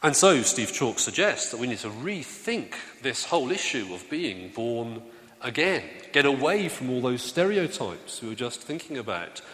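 A man's voice: medium pitch, big pitch swings, moderate pace, bright, forceful tone. A man preaching a sermon in an easygoing, conversational way, telling stories and asking the room questions. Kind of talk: sermon with audience interaction. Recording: long hall reverb.

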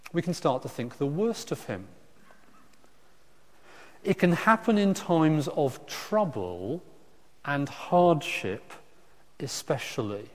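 A man preaching a sermon in a conversational way, with frequent restarts and lively asides. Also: medium pitch. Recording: echoey hall reverb.

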